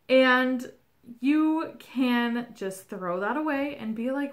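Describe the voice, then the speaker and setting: A woman's voice: a little high, lively intonation, slow, fairly bright tone. A woman giving a casual tarot reading, talking in a reflective, reassuring way with frequent fillers. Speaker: tarot reader. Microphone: home video setup.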